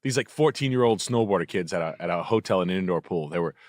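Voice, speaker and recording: A man's voice: low-pitched, animated, quick pace, darkish tone, no room sound, clean studio sound. A man in casual podcast chat, telling a rambling story full of swearing and acted-out quotes.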